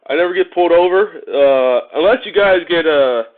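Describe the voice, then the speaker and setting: A man from Ohio, USA, with a fairly high voice, speaks at a moderate pace as he wires a motorcycle on a live stream. The motorcycle vlogger chats casually and jokes with viewers, laughing often, in phone-like narrow-band audio.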